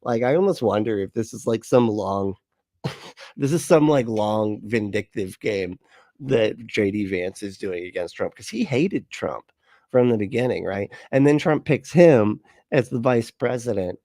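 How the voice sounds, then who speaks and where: A man's voice: fairly low pitch, lively intonation, a little slow, dark tone, no room sound, studio quality. A man hosting a casual livestream, talking loosely and mockingly, often laughing and swearing as he reacts to clips. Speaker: livestream host.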